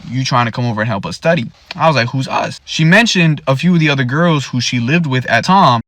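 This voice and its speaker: A man's voice: mid-range voice, animated, brisk, a bit bright. A young man candidly telling a personal story and poking fun at how naive he once was. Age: young adult. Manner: candid, self-deprecating. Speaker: storyteller guest. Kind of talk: casual storytelling.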